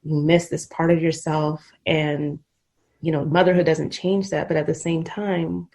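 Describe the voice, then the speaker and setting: A middle-aged woman hosts an emotional conversational podcast interview, speaking earnestly, reflectively, and in a rambling way. Her voice sits low with a darkish tone, and her delivery is flat and measured.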